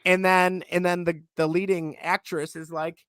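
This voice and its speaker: A man in his thirties co-hosting a podcast in casual chat, animated and laughing easily, with a sick voice. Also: sits high, normal speed, clean tone, dry recording, clean studio sound. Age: 30s. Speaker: podcast co-host.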